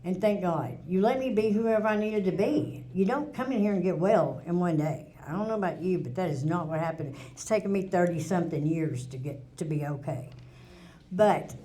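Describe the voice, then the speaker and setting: A woman's voice: on the low side, animated, moderate pace, mellow. A middle-aged woman, telling her recovery story at a meeting in a candid, plainspoken way with frequent restarts. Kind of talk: personal testimony at a recovery meeting. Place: meeting room.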